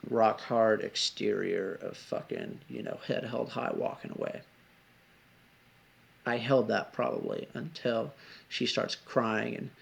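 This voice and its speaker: Brief: rambling confessional vlogger, man, very gravelly voice, lots of swearing. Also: medium pitch. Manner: rambling, heavy swearing, frequent asides. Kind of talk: confessional storytelling vlog.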